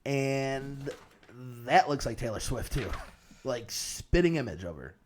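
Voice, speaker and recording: A man with a mid-range voice co-hosts a podcast in casual conversation. His intonation is lively and full of movement, and he laughs often and jokes along with his co-host. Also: medium pitch, unhurried, a little hiss or hum. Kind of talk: casual chat.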